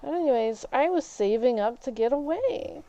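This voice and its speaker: A woman's voice: sits high, lively intonation, moderate pace, mellow, muffled recording. A woman live streamer rambling through a casual story while gaming, with many fillers and restarts.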